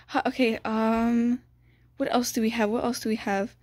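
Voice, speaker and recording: A young woman with a high voice talks through a game, excitable and squealing, often drawing her words out slowly. The sound is dry and close to the mic, with no room around it. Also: no echo. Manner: excitable, squealing, frequent "dude" and "oh my goodness". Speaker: gaming YouTuber. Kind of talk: excited gameplay commentary.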